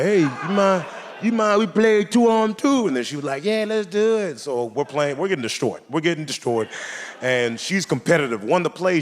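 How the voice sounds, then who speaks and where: A young man doing a stand-up comedy routine, telling a story with animated delivery and acted-out voices on a club stage. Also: mid-range voice. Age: 20s.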